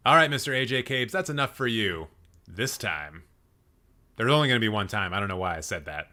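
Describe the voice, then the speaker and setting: A man's voice: on the low side, expressive, a little fast, sharp tone. A man hosting a casual live stream, playfully roasting people and laughing at his own jokes while he rambles and corrects himself. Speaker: host.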